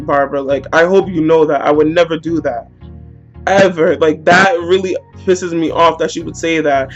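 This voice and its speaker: A woman's voice: low-pitched, lo-fi sound. A young woman telling a heated, slangy story in a storytime vlog. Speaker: vlogger.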